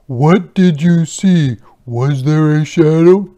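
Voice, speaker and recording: Man voicing Merton, a high anxious animal caller. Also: slow pace, lo-fi sound. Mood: urgent. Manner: calls out loudly. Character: anxious animal friend calling for the groundhog.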